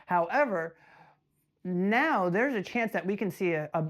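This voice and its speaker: A man hosting a casual vlog about trading cards, talking straight to the camera. He keeps it lively and rhetorical, tells stories and trips over his words with quick restarts. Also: sits high. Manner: animated, rhetorical, storytelling with many restarts. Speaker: trading card collector vlogger.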